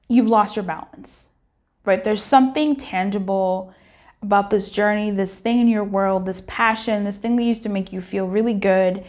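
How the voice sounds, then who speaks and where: A young woman giving a casual tarot reading, candid and chatty, swearing and laughing as she talks straight to her viewers. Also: mid-range voice. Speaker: tarot reader.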